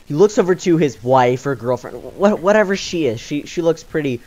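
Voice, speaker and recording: A man's voice: fairly high pitch, lively intonation, brisk, a little mellow. A young man telling a story in a casual vlog, rambling with many fillers and sounding exasperated. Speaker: YouTuber.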